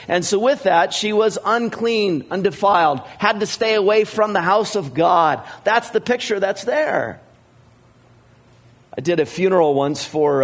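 A middle-aged man, a pastor, giving a sermon in a conversational storytelling style, with many fillers and animated dialogue. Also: medium pitch.

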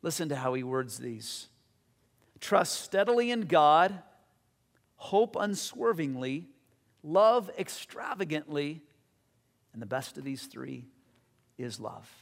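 A man's voice: mid-range voice, very animated, slow, creaky, long pauses, long reverb tail. A man preaching a sermon as pastor, telling stories in an earnest, conversational way with fillers, then leading a closing prayer.

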